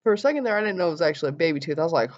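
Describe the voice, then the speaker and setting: A young woman vlogger telling an animated story and acting out the quotes in voices. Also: deep voice, very fast. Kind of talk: casual storytelling vlog. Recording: dull lo-fi sound.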